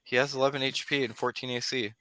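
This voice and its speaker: Bright-voiced male game master. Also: medium pitch, little pitch movement, fast talker, no echo, low-quality recording. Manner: casual, laughing, loose. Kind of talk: narrating a tabletop game.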